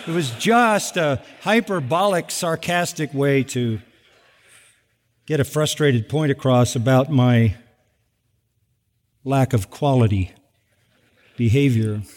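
A middle-aged man preaching a sermon, animated, with sarcastic asides and acted-out quotes. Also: fairly high pitch. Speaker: pastor. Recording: long hall reverb.

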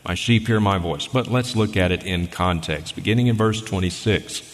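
Speaking low and at a moderate pace, a male guest preacher reads scripture and drives home his points in an emphatic, argumentative sermon. The church sanctuary gives the recording a long, large-hall reverb.

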